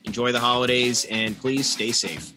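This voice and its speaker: A man's voice: mid-range voice, steady tone, moderate pace, music in the background. A man co-hosting a sports podcast, laid-back and sardonic, chuckling as he chats. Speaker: podcast co-host. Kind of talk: casual sports podcast chat.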